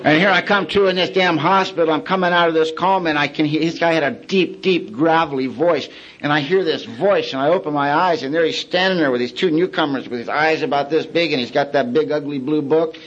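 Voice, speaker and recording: A man giving a personal testimony at a recovery meeting, telling his story in colloquial, plain-spoken words with dark humor. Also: on the high side, a little fast, few pauses, dull audio.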